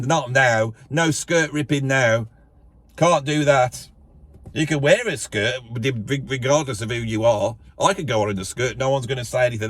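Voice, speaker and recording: A middle-aged man rambling through the sign-off of his vlog outdoors in the sun, hot and tired, mocking himself and jumping up in pitch now and then. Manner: rambling, self-mocking, chatty, with sudden high jumps in pitch. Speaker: YouTuber.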